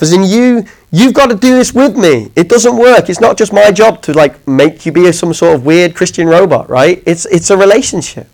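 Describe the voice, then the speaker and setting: A man's voice: high-pitched, lively intonation, fast, poor audio. A man preaching a sermon, talking conversationally and often checking in with his listeners.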